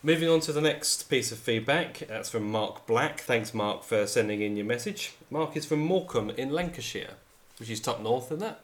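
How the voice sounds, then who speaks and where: A man's voice: medium pitch, lively intonation, normal speed. A man co-hosting a podcast, reading listener feedback in casual chat and laughing easily. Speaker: podcast co-host.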